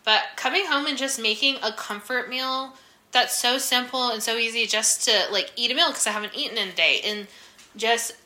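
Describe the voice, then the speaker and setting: A woman's voice: fairly high pitch, normal speed, sharp tone. A woman in her thirties co-hosting a podcast, chatty and swearing casually. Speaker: podcast co-host.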